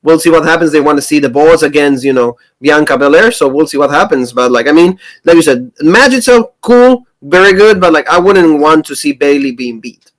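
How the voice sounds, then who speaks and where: Higher-voiced man, easygoing chat. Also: lively intonation, brisk, low-quality recording. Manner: loose, many "like" fillers. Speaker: co-host of a wrestling review show. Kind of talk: casual chat.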